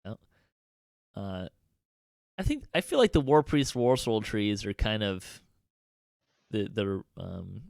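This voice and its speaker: A man's voice: on the low side, expressive, slow pace, gravelly, pauses often, a little mellow, no room sound, studio quality. A man hosting a casual podcast roundtable, talking with many ums and restarts. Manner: hesitant, many fillers and restarts. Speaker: podcast host.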